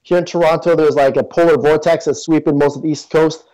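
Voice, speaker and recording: A man's voice: fairly high pitch, fairly even intonation, fast, warm tone, lo-fi sound. A man being interviewed as a guest, talking casually and earnestly, with many fillers and restarts. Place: in Toronto.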